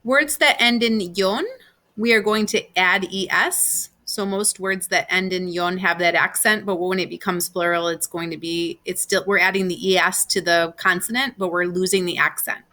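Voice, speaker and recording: A woman's voice: on the low side, little pitch movement, normal speed, hardly any pauses, pushed and bright. A woman teaching Spanish grammar in a recorded class, explaining patiently step by step with examples.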